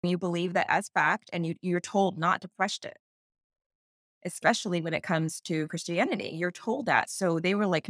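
A woman in her thirties tells a personal story as a podcast guest, her voice a little low. She is animated, laughs often and acts out the voices she quotes. The sound is close and dry. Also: normal speed, dry recording. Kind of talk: casual storytelling in an interview.

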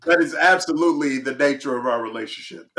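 A man's voice: mid-range voice, normal speed, a bit bright, slight background noise. A man co-hosting a casual chat show. He laughs often and acts out quotes. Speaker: podcast co-host.

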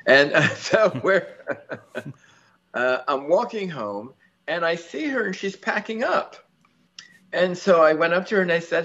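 A man tells a long story as an interview guest, rambling and chatty, with frequent ums and restarts. His voice has a gravelly, creaky edge. The recording sounds somewhat dull and lo-fi. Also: mid-range voice, fairly bright tone. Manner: laughs easily. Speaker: lottery winner guest.

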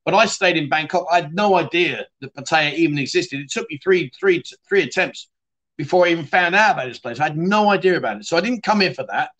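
Bright-voiced British man chatting on a livestream. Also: fairly high pitch, animated, fast talker. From United Kingdom. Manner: chatty, blunt, swears casually, calls viewers mate. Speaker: livestream host. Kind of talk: casual livestream chat reading viewer comments.

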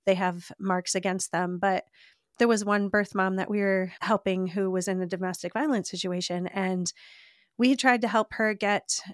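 A woman's voice: mid-range voice, steady tone, moderate pace, no room sound, studio quality. Earnest woman sharing a heartfelt testimony. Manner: earnest, heartfelt storytelling with frequent "like". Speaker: podcast guest. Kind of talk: personal faith testimony in conversation.

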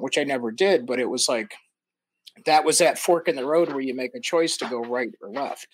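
An older man from the American Midwest, a podcast guest telling stories in a casual, animated way, laughing as he acts out quotes. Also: medium pitch, fairly quick, no room sound. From Midwestern United States. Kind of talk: casual storytelling.

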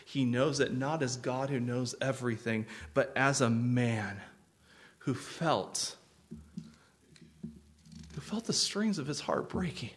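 With a mid-range voice, a male pastor preaches a sermon in an earnest, gentle way, broken by sudden swells of intensity.

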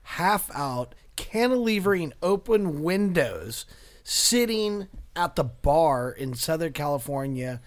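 A man's voice: on the high side, very animated, takes it slowly. A man in casual conversation, hesitant and matter-of-fact. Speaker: business partner, guest. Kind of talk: casual chat.

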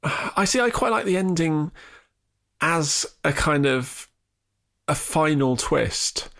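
A man chatting casually about films as a co-host, relaxed and wry. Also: a little high, slow, creaky. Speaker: film podcast co-host.

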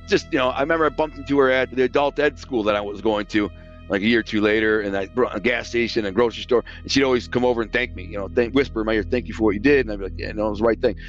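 A man's voice: fairly low pitch, fairly even intonation, rapid-fire, lo-fi sound, soft background music. A man telling his past in casual spoken storytelling. He talks bluntly, swears, and acts out the dialogue he quotes.

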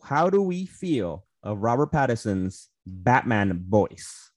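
A man's voice: fairly low pitch, very animated, slow pace, a little hiss or hum. A man co-hosting a casual podcast, rambling with lots of fillers and swearing. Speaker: podcast co-host. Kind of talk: casual movie discussion.

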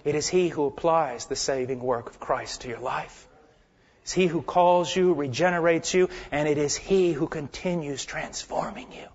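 A man preaching a sermon with passion, swinging from loud, emphatic lines down to hushed near-whispers. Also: fairly high pitch, moderate pace, slightly rough. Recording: dull lo-fi sermon recording.

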